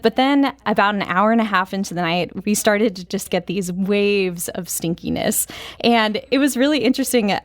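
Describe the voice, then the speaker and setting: A young woman radio reporter chats through her story in a mid-range voice. She tells it in a casual, lively way with easy fillers. The studio sound is dry and close. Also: medium pitch, moderate pace, no echo. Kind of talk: conversational studio interview.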